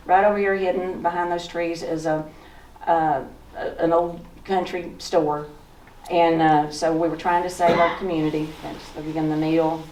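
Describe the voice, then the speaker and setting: An East Tennessee author in her 60s with a Southern accent tells folksy tales while pointing to old photos in a slideshow talk. Her voice is on the low side with a darkish tone. Recorded from a distance in an echoey museum lecture room, it carries slight background noise.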